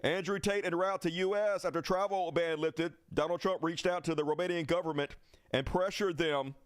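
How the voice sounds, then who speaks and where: A man's voice: on the high side, clear, resonant tone, dry recording, clean studio sound. Angry ranting male streamer. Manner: angry, profane, sarcastic. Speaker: livestream host. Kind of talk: political commentary rant.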